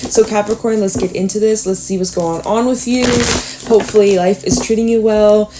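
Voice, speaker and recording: A young woman giving a casual, chatty tarot reading. She fills her talk with fillers and sometimes jumps into loud, high-pitched acted lines. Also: fairly even intonation, a little fast, background noise. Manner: chatty, upbeat, lots of fillers, acts out voices with loud high bursts. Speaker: tarot reader.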